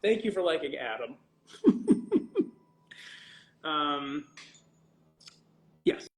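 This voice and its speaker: A man's voice: on the high side, fairly quick, a bit bright, reverberant. A man chatting casually on a livestream as he signs autographs for fans. He rambles, interrupts himself and swears jokingly. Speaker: voice actor signing autographs for fans.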